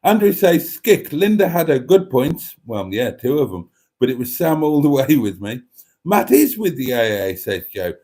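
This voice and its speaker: Man, middle-aged, livestream host, chatty, rambling, warm dark tone. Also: mid-range voice. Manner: chatty, rambling, cheeky asides. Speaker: livestream host reading chat. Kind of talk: casual chat.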